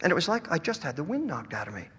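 A man's voice: fairly high pitch, fast talker, breathy edge. Man reading fiction in a reverberant hall. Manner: wry, expressive storytelling. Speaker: author reading his story. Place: event hall.

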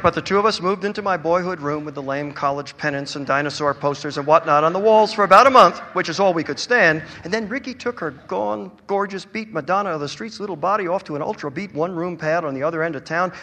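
Male author, live story reading, bright and a bit high, long hall echo. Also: fast, few pauses. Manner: wry, expressive storytelling. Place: event hall.

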